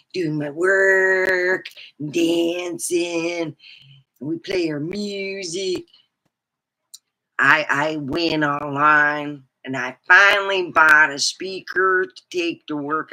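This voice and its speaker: A middle-aged woman chatting on a casual livestream, rambling and animated, with sudden high whoops. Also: low-quality recording. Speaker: livestreamer and comedy chat host.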